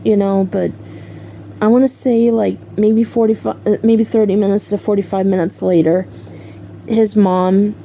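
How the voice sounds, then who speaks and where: A woman's voice: on the low side, warm tone, a little hiss or hum. A woman casually telling a personal story in her own words, hesitant and often correcting herself mid-sentence. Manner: hesitant, with fillers and self-corrections. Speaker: storyteller vlogger.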